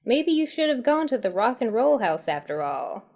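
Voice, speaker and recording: A woman's voice: on the high side, big pitch swings, moderate pace, darkish tone. A woman hosting and reading a choose-your-path horror comedy tale aloud, who often breaks into giggles as she reads. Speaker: storyteller host.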